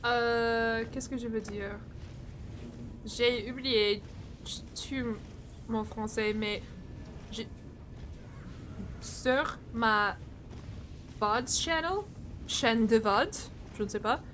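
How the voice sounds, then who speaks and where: Slow-talking young woman streamer, laughing often. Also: on the high side, fairly bright tone, a little hiss or hum. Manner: laughs often, self-deprecating, reads chat aloud. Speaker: game streamer. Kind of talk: casual live-stream chat while gaming.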